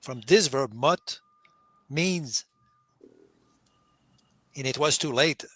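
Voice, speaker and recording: A man in a casual discussion, explaining Hebrew scripture in an animated way with frequent restarts. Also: medium pitch, extremely slow, no echo.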